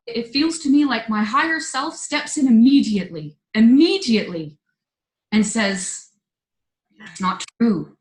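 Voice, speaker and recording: A middle-aged woman hosting a healing circle over a video call, sharing tearfully in a soft, halting, heartfelt way. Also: fairly high pitch. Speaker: host of a women's healing circle. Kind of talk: emotional sharing in an online circle. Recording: roomy echoey sound.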